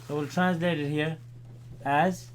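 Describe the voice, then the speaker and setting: A man's voice: a little high, steady tone. A man teaching a Quran class, explaining vowels step by step and checking in with his students. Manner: repeats Arabic words slowly and loudly, checks in with "right?". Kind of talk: classroom Arabic lesson.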